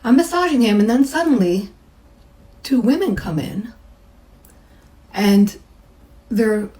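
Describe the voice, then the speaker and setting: A woman's voice: on the high side, expressive, slow pace, dark tone, rough recording. A middle-aged woman, a massage therapist, telling a personal story in a chatty way and acting out the people she quotes. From United States.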